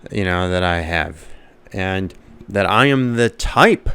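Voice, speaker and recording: A man's voice: deep voice, lively intonation, takes it slowly, gravelly, bright, forceful tone, clean tone, no echo. A man, a comedian, telling a comic story as a monologue and laughing often at his own jokes.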